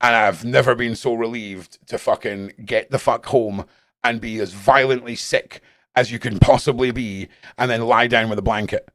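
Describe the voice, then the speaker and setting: A man's voice: medium pitch, moderate pace, no echo. Foul-mouthed Scottish man, dry close sound. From Scotland. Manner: heavy swearing, blunt and animated. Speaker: live-stream host reading chat. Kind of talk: casual rambling chat.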